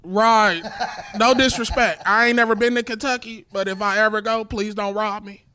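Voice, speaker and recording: A man in his thirties doing a casual, joking stand-up set with a light, high voice. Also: fairly even intonation, normal speed. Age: 30s. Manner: high light voice, loose and joking, swears a lot. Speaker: stand-up comedian. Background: small crowd laughing.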